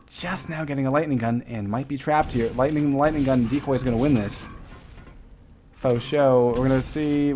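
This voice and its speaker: A man calls a live video game match play by play, in a middle-pitched voice. He rambles and jokes, wandering off on tangents. Faint noise hums behind him. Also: darkish tone. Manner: rambling, jokey, goes off on tangents. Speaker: esports caster.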